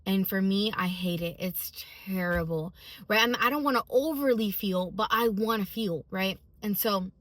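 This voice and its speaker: Bright-voiced woman sharing faith testimony. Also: mid-range voice, moderate pace, no room sound. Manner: casual, emphatic, many fillers. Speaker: faith vlogger.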